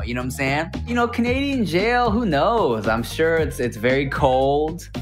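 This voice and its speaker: Comic storyteller, male, animated, acts out voices, faint music underneath. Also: a little high, normal speed, hardly any pauses. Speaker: guest storyteller. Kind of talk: comic travel anecdote.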